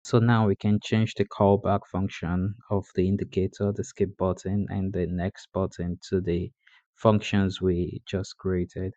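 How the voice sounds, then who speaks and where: A man's voice: low voice, flat delivery, unhurried, mellow, no echo, dull audio. A man narrating a coding tutorial over a screen recording, explaining steps plainly with frequent "uh" fillers.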